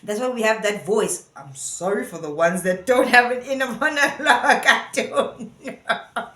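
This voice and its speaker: A woman's voice: on the high side, lively intonation, normal speed, a bit bright. A woman giving casual opinion commentary, earnest and rambling as she thinks aloud. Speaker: vlogger. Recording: roomy echo.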